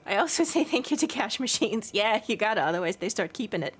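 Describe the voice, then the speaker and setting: A woman's voice: mid-range voice, very animated, fast talker, slightly rough. Chatty, giggly woman streamer. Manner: chatty and giggly, baby-talking to her cat. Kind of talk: casual chat with stream chat.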